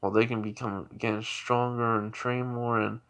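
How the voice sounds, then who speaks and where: A shy, embarrassed woman hero who speaks quietly and haltingly, as a man puts her on while retelling a story. Her words come soft and hesitant, with many restarts. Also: mid-range voice, little pitch movement, smooth, close to an everyday voice.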